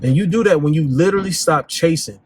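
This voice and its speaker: A man hosting a dating advice talk, speaking bluntly in slang and swinging his pitch up and down for emphasis. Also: fast, slightly rough, soft background music. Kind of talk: casual direct-to-camera monologue.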